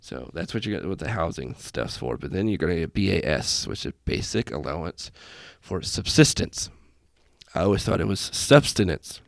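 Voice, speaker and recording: Speaking fast with few pauses, this man's low, creaky voice is animated as he hosts a casual solo podcast. He's an airman who rambles, makes fun of himself, and wanders into tangents. The dry recording comes from a desk setup in front of a laptop in a small room with festive lights.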